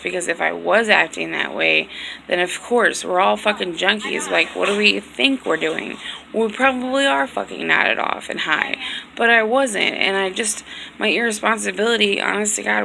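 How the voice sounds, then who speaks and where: A woman vlogger with a medium-pitched, gravelly voice that's pushed and bright tells a long story casually, sounding tired and hurt. She rambles, says "like" constantly, and swears often; the audio is poor, with a little hiss or hum.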